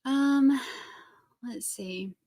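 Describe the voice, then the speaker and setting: A woman with a high, mellow voice and a Southern US accent hosts a casual livestream, drawing out her words. She's rambling and chatty as she reads viewer comments aloud.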